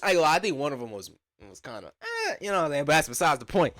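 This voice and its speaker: A man's voice: fairly high pitch, rapid-fire, no echo. A young man from Atlanta, telling a casual slangy story and acting out the quotes. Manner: animated slangy storytelling with lots of acted-out quotes. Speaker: storyteller vlogger.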